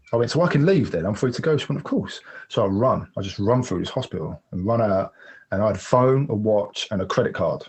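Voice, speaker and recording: A man recounts a hard personal episode at a quick clip, in a low and husky voice. He rambles openly and acts out the other people's lines as he goes. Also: darkish tone. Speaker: podcast guest. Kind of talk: personal storytelling.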